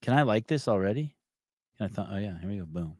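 A man's voice: fairly low pitch, expressive, fast talker, darkish tone, no room sound, studio quality. Profane rambling male podcast host. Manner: rambling and profane, with frequent restarts. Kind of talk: casual chat.

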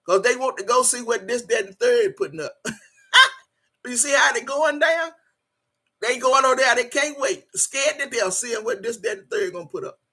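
A woman's voice: a little high, expressive, moderate pace, sharp tone, breathy edge. A woman hosting a casual livestream. She reads viewer comments aloud, laughs often and calls the viewers "y'all". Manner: urges viewers to like and subscribe. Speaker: channel host.

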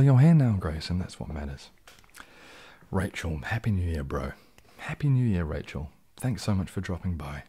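Here a deep, husky, warm-toned man from New Zealand chats softly and casually on his ASMR live stream. He reads comments from viewers out loud and answers them in a low, laid-back style.

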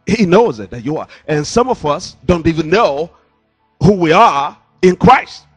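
Male pastor, sermon delivery, husky timbre, animated pitch, handheld mic. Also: unhurried, soft background music. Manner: emphatic preaching with rhetorical questions. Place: church. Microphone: handheld microphone.

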